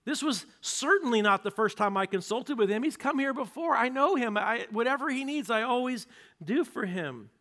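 A man's voice: lively intonation, moderate pace, a bit bright. A man doing a stammering, pleading frightened priest. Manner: stammering, pleading, high-pitched.

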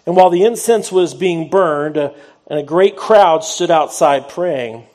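A pastor retells a scripture story during a sermon, earnest and conversational, with a touch of self-deprecating humor. His voice is fairly high-pitched and a little mellow, and he takes his time.

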